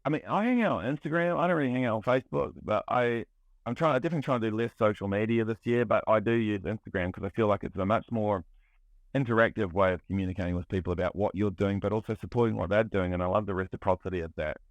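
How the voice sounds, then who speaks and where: Low-voiced New man, candid. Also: fast talker, dry recording. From New Zealand. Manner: candid, restless, heavy on fillers and restarts. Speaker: guest, music producer. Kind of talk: casual podcast conversation.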